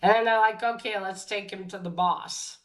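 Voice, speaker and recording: A woman giving a casual, halting recap of a comic book story, with many fillers and quick restarts as she acts out the characters' lines. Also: medium pitch, steady tone.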